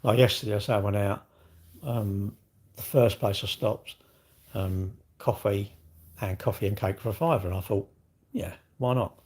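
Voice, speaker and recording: A man rambles casually through a live stream and breaks off now and then to greet viewers. His voice sits a little low and has a husky grain. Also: fairly even intonation, normal speed, darkish tone. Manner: rambling, chatty, greets viewers mid-thought.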